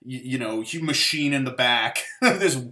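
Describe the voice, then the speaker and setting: A man's voice: medium pitch, animated, normal speed, bright, forceful tone. A man hosting a casual movie review show, rambling and sarcastic, with lots of "like" and swearing. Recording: roomy echo.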